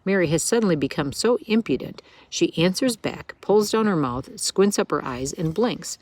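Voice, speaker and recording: A proper mother talks earnestly and frets, at times a bit higher-pitched, as a woman reads her aloud. Her speech is polite and careful. It is a storybook reading. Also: lively intonation, moderate pace, darkish tone. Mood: fretful.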